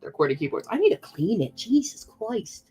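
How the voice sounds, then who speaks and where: A woman chatting casually on a live stream while she works, laughing often and answering chat in quick asides. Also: deep voice, wildly swooping pitch, dark tone, breathy edge.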